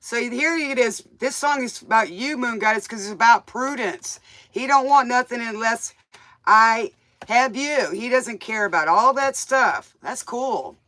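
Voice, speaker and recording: A woman's voice: a little high, measured pace, bright, forceful tone. Smoky-voiced woman reading tarot. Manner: rambling, folksy, talks straight to viewers. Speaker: tarot reader and DJ host. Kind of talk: casual live tarot reading chat.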